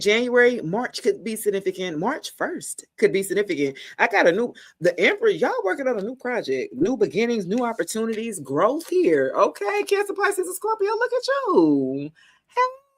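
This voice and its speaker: Woman doing tarot live, swears a lot and keeps laughing, says y'all, aave. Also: mid-range voice. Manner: casual, profane, laughing often, talks to viewers as y'all. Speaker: tarot reader.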